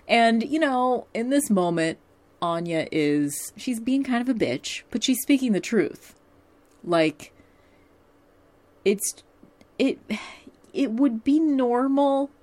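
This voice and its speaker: A woman's voice: medium pitch, a little mellow. A woman recapping a TV episode in casual chat, full of fillers, asides and opinions. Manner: chatty, many fillers and asides, laughs often.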